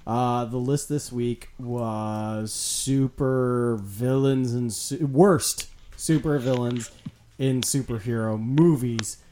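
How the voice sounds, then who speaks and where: A man hosts a relaxed podcast conversation at a middle pitch. He gets animated, laughs readily and often trails off mid-thought. A faint hiss of noise sits under the recording. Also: slow pace. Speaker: podcast host. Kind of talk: casual chat.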